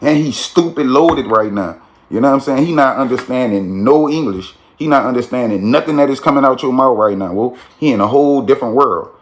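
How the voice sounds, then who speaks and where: A man's voice: mid-range voice, fairly quick. A man telling a street story in a casual, slangy way, with frequent "you feel me" tags.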